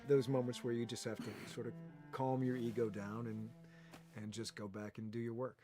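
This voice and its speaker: A man giving a reflective interview in a documentary, measured in tone. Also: medium pitch, level tone. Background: guitar music.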